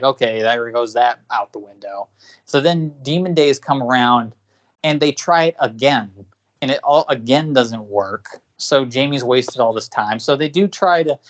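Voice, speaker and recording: A man co-hosting a podcast in casual discussion, talking at length with many fillers and restarts. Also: mid-range voice. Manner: rambling, filler-heavy, frequent restarts. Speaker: podcast co-host.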